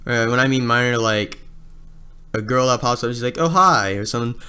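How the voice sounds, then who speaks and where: A man's voice: medium pitch, little pitch movement, brisk, bright, forceful tone, smooth. A man giving a casual, rambling casting call for an abridged series, with many fillers and restarts.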